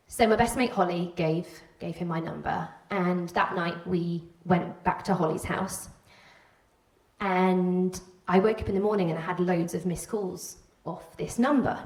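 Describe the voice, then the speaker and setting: A woman with a Welsh border accent and a lowish voice tells a candid personal story to a live audience from a stage, speaking at a moderate pace. She is animated and now and then slips into the voices of people she remembers. Her voice fills a roomy hall and reaches the microphone from a distance.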